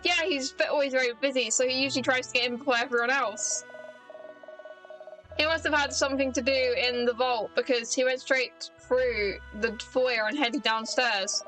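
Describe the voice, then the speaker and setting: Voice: high voice, fairly even intonation, moderate pace, sharp tone, poor audio. A British streamer voicing a nervous male bank security guard in a video game, reading his lines plainly over faint game music. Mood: worried. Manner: plain dialogue reading, folksy phrasing.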